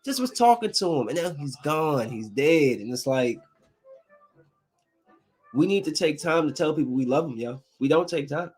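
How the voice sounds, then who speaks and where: A man's voice: a little high, animated, moderate pace, darkish tone, husky, faint music behind. A man hosting his own podcast, chatting casually and with feeling about his week. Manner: loose and heartfelt, drifting between grief and upbeat chatter. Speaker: podcast host. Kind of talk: casual solo podcast talk.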